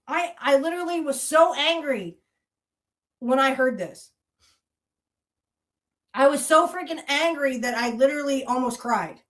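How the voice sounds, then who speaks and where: A woman with a high voice, hosting a podcast and ranting at length. She is heated and accusatory, swears freely and keeps hammering the same rhetorical challenges. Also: expressive, unhurried, pauses often. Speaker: podcast host. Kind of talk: angry monologue rant.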